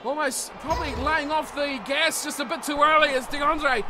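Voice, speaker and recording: A man giving rugby play-by-play commentary for a video game. He surges into shouts on big plays and settles down when he breaks them down. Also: very high-pitched, fairly even intonation, moderate pace, hardly any pauses, background noise. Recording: game commentary over loud music.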